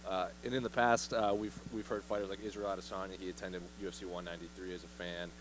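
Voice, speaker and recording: A man's voice: low voice, little pitch movement, quick pace, poor audio. A male reporter asking a fighter long, hesitant questions full of fillers. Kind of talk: interview questions.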